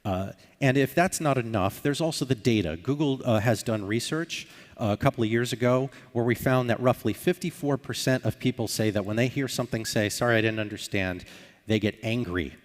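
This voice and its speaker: A man's voice: medium pitch, brisk. A man giving a conference talk, explaining and acting out short sample dialogues. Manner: explanatory, acts out sample dialogues with filler sounds. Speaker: conference speaker. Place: conference hall. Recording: hall reverb.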